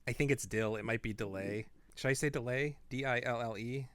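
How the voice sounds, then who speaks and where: Bright-voiced chatty podcast man. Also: mid-range voice, fairly quick, no room sound. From not from the Midwest. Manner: chatty, rambling, trails off into asides. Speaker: podcast co-host. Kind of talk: casual chat.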